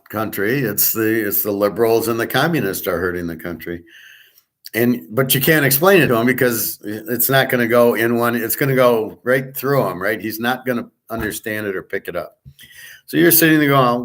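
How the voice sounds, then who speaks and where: A man's voice: medium pitch, normal speed, a bit bright. A man hosting his own daily online class, telling a story in a blunt, profane and exasperated ranting monologue.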